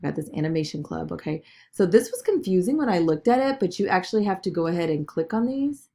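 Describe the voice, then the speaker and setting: A woman giving a chatty screen-recorded software tutorial, talking through each click with lots of "okay" and "all right". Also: on the low side, animated, fast. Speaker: business video tutor.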